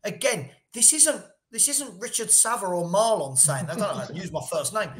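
High-voiced man in an echoey room. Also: animated, fairly quick, a bit bright. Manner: passionate, blunt, repeats himself when heated. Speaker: football podcast co-host. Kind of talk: casual football debate.

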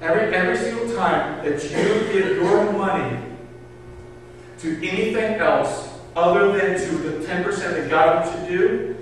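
A man preaching a sermon with passion, swinging between loud urging and hushed pleading. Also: high-pitched, distant mic, a little hiss or hum. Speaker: pastor. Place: church hall. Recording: echoey hall recorded from afar.

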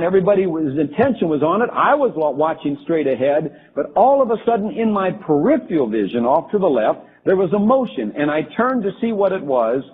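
A man telling a first-person account of a vision, halting and restarting as he goes. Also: a little high, husky. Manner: halting, with frequent restarts and fillers. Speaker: storyteller recounting a religious vision. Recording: tinny phone-like lo-fi recording.

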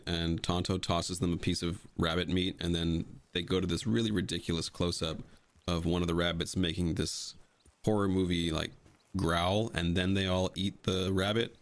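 Recorded dry, this deep male voice belongs to a young video creator talking through his own fan edit of a film. He's blunt and casual in the voice-over, cursing freely as he goes.

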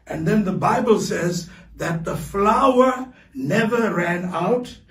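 High-voiced South African preacher in echoey hall. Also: male voice, far from the mic. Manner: fervent preaching, builds to shouted declarations. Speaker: pastor. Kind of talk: sermon. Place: large church hall. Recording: echoey hall, voice picked up from afar.

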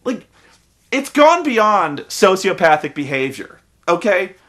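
A man rants in an exasperated, profane film review. His voice is high and bright, and his pitch swings widely. He stumbles into restarts as he gets worked up. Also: very animated, unhurried. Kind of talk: casual ranting review.

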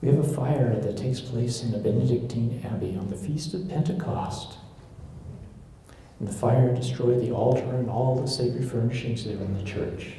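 A man with a deep, mellow, dark-toned voice tells stories to a live audience. He slips into the voices of the people he quotes. His voice rings out in a very echoey hall, with faint noise in the background. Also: normal speed. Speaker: lecturer on church history. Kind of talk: live storytelling lecture.

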